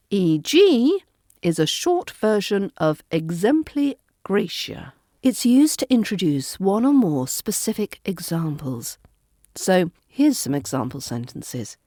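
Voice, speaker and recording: British woman w/ soft RP accent teaching on her podcast, mellow voice, lively ups and downs. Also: medium pitch, no echo, studio quality. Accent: Southern English RP. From Britain. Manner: clear, deliberate teacherly delivery. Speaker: accent coach and podcast host. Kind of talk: scripted podcast lesson.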